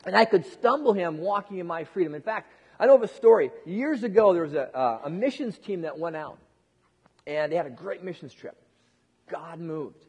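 Husky-voiced pastor in a reverberant hall. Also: male voice, high-pitched, lively intonation, normal speed, a little mellow. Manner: joking, conversational, with repeated restarts. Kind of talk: casual sermon.

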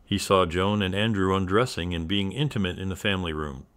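A man reading a scripted story in an even, measured storytelling manner. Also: deep voice. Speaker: narrator. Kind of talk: scripted narration.

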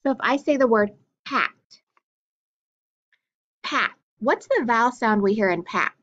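A woman teaching a phonics lesson to young children, enunciating each sound clearly and praising often. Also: a little high, lively intonation, measured pace, a bit bright, dull audio.

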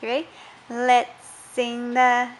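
A woman's voice: a little high, completely flat delivery, takes it slowly, slight background noise. A young woman filming her small children at home on a phone, coaxing them with encouraging questions. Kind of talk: casual home video. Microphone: phone camera held while filming.

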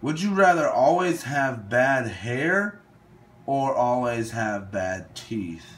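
A man's voice: medium pitch, big pitch swings, slow pace, fairly bright tone. A young man casually commenting while playing a would-you-rather game, thinking aloud and hesitating over his picks. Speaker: gaming video host.

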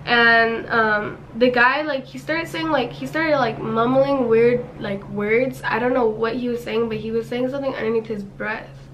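A young woman with a slightly high voice recounts a childhood story on her vlog, chatty and loose with lots of "like" fillers. She speaks into a camera mic at home, with a faint hum of room ambience behind her. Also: fairly even intonation, normal speed, a bit bright, highs cut off. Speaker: vlogger.

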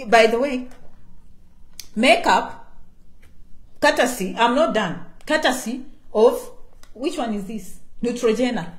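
A woman's voice: on the high side, roomy sound. A woman vlogger with a foreign accent giving advice, talking straight to her viewers with emphatic repetition and calling herself by name. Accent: foreign-accented English. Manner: emphatic, repeats key words, refers to herself by name. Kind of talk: casual direct-to-camera talk.

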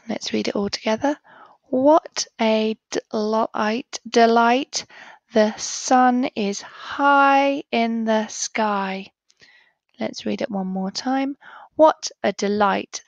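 A woman teaching a children's phonics lesson, sounding out each word letter by letter and repeating it clearly. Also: mid-range voice, no room sound.

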